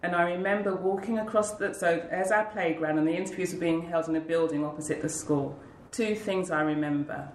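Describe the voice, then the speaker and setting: A woman being interviewed tells her own story in an earnest, heartfelt way, slipping into the voices of the people she quotes. Her voice sits a little low for a woman. The room around her gives an echo. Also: steady tone, brisk, few pauses, slight background noise. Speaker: interview guest, school leader. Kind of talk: personal storytelling. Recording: roomy echo.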